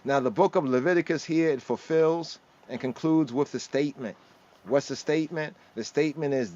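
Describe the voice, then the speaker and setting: A man's voice: on the high side, moderate pace, a little mellow, dull audio. A man teaching scripture on a livestream, going verse by verse, sprinkling in Hebrew words and often asking "right?".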